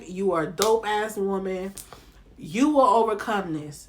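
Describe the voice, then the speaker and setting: Animated Southern American woman commentator. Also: medium pitch, takes it slowly. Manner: animated, slangy, talks straight to the viewer. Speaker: reality TV commentator. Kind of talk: casual commentary vlog.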